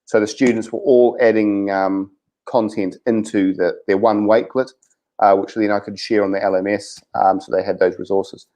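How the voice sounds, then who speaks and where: A man's voice: fairly low pitch, fairly even intonation, moderate pace, mellow, low-quality recording. A man with a New Zealand accent, a science teacher, speaking hesitantly with many ums on a video-call webinar. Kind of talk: webinar chat about remote teaching.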